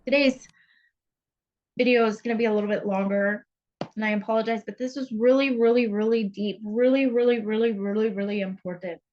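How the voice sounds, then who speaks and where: A woman's voice: fairly high pitch, fairly even intonation, fairly quick, lo-fi sound. A woman spiritual coach giving an earnest, intense, confessional teaching monologue, blunt and unafraid to swear.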